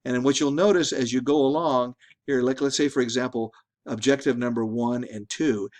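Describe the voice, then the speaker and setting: A man's voice: mid-range voice, fairly even intonation, moderate pace. A middle-aged man teaching a statistics class in a conversational lecture, often repeating and restarting words. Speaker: statistics instructor. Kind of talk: recorded lecture.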